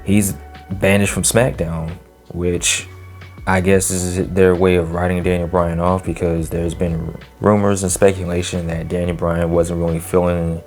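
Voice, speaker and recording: A man with a low voice runs through a wrestling show in a loose, chatty solo review. He leans on fillers and slang and breaks into laughs now and then. Soft music plays underneath. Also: little pitch movement, unhurried. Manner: laughs often between remarks. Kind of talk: casual solo review vlog.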